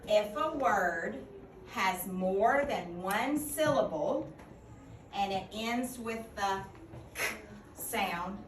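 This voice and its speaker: Woman teacher, unhurried classroom drills, recorded from across a noisy, echoey room. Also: medium pitch, expressive. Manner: patient, questioning, drills answers back. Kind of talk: classroom phonics lesson. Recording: echoey classroom from a distant mic with noise.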